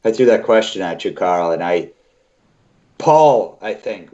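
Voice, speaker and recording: Host from Boston, low-pitched man, rambling and hedging, dull lo-fi audio. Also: vocal fry. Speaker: podcast host. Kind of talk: casual chat.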